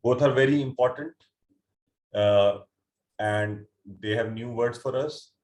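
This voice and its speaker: A man's voice: mid-range voice, slow pace, darkish tone, reverberant. A man teaching an online class, explaining word meanings patiently step by step, with hesitant fillers and restarts. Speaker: Quran teacher. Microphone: computer mic on an online call.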